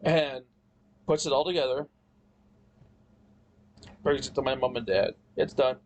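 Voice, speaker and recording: A man tells a long story in a casual chat, rambling and cursing and restarting his sentences. His voice sits at an ordinary middle pitch. A faint hiss of background noise runs under the recording. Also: unhurried, rough recording. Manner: rambling, profane, frequent restarts. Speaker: podcast guest.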